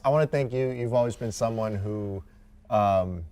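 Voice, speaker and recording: A man's voice: mid-range voice, normal speed, darkish tone. A young male host in a studio, talking energetically with lots of fillers. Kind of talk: casual talk show hosting.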